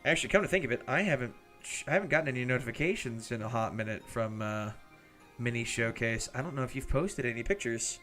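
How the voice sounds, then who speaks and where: Chatty stream host, mid-pitch man, laughs a lot, faint music under. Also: fast talker, a bit bright. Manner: chatty, laughs often, talks to chat viewers by name. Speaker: livestream host building miniatures. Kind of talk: casual livestream chat. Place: home hobby desk.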